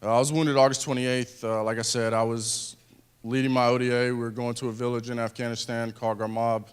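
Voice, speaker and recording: A man in his thirties, a wounded veteran, giving an earnest personal speech to an audience, speaking haltingly with restarts. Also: mid-range voice, flat delivery, clean tone.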